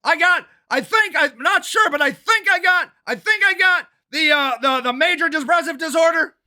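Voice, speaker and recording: An older man, a local activist and council candidate, ranting angrily and swearing in a shouting monologue. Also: very high voice. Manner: shouting, swearing, fast and agitated. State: angry and worked up.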